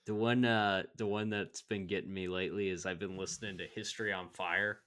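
A man co-hosting a casual podcast chat, rambling and trailing off softly at the ends of thoughts. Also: low-pitched, fairly even intonation, brisk. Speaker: podcast co-host.

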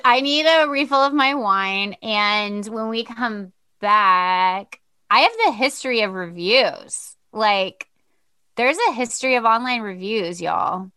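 Bright, crisp-voiced giggly woman podcaster. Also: mid-range voice, no echo. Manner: giggly, chatty, drawn-out laughs. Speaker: podcast co-host. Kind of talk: casual chat.

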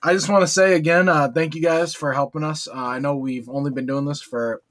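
A young man hosting a casual podcast, relaxed and hesitant, often pausing with filler sounds. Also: on the high side. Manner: relaxed, hesitant with ums and uhs. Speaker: podcast host.

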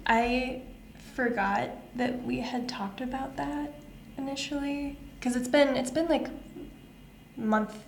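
A woman hosts a podcast in a relaxed, chatty way. Her voice sits fairly high. The recording is roomy, with a faint hiss underneath. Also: takes it slowly, creaky. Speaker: podcast host. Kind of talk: casual chat.

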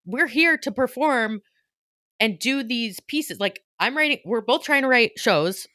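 A young adult woman co-hosting a podcast, talking in an earnest, animated way and sometimes trailing off mid-thought. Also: fairly high pitch, measured pace, no room sound. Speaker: podcast co-host. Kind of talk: casual chat.

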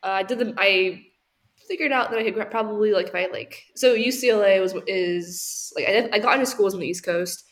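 A woman's voice: medium pitch, a little fast. A young woman in her twenties, a podcast guest answering questions with many fillers and restarts. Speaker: podcast guest, doctoral student. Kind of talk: casual interview answers.

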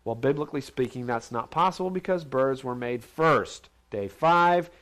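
In a large steel building, a man with an expressive, fairly bright mid-range voice teaches a Bible lesson at a moderate pace. His informal sermon to the group is conversational, posing questions and acting out other people's voices.

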